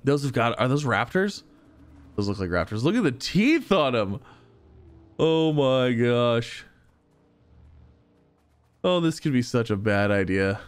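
A young man giving excitable let's-play commentary, chuckling and talking to the enemies he fights. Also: medium pitch, smooth. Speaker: gaming YouTuber.

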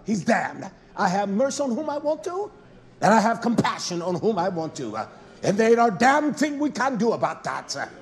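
A man's voice: high voice, very animated, normal speed. A man preaching a fiery, confrontational sermon, scolding his listeners and firing rhetorical questions at them.

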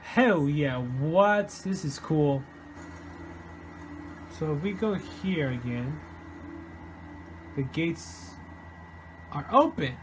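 Slow-talking jumpy gamer man, swearing. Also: fairly high pitch, animated, a little hiss or hum. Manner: jumpy, swears constantly, yells and laughs at scares. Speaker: gamer playing a horror game. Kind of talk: casual let's-play commentary.

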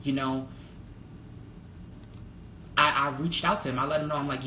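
A man talking casually on a live stream, candid and full of swearing, reading out viewer comments and jumping to a high pitch when excited. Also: normal speed, long pauses. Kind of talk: casual livestream chat. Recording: roomy echo with faint background noise.

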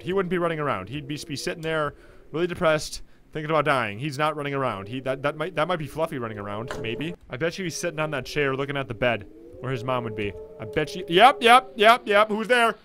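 A man hosting a horror game playthrough, hoarse from screaming, reacting excitably and reading dialogue aloud. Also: a little high, quick pace. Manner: excitable, reactive, talks to the screen. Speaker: gameplay channel host. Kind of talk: let's play commentary, reading dialogue aloud.

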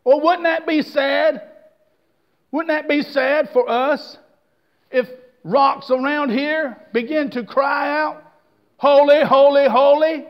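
Male pastor, very high voice, slow delivery, folksy sermon, dull lo-fi church tape. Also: steady tone. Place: church service.

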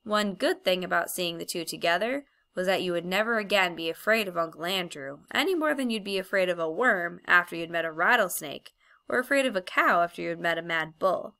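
A woman reading a children's fantasy novel aloud as an audiobook narrator, measured and expressive. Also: fairly low pitch. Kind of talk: storybook narration.

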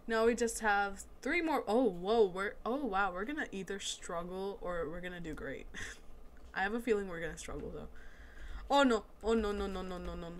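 A woman giving casual let's-play commentary as she plays a video game, excitable and quick to exclaim at the action. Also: mid-range voice.

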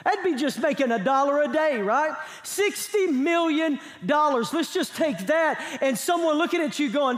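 A man's voice: very high voice, lively intonation, moderate pace, hardly any pauses, big-room sound. A man pastor preaching a sermon in a church, emphatic, asking the congregation rhetorical questions. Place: church sanctuary.

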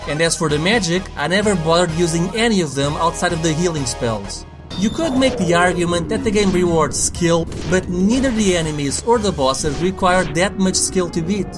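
A man's voice: high-pitched, expressive, moderate pace, over music. A young adult man reading a scripted video game review, blunt and sarcastic and swearing for emphasis. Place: voice-over over game footage.

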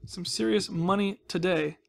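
He sits high in pitch, speaks a little slowly, and has vocal fry. As a gaming video host doing relaxed Minecraft let's-play commentary, he coos at villagers in baby-talk and cracks jokey asides, all against faint background noise.

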